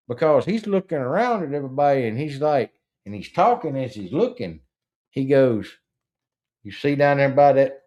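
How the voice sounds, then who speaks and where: A man's voice: a little high, darkish tone, muffled recording. A man telling a rambling, profane, folksy story in casual chat, with frequent stammered restarts. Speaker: podcast host.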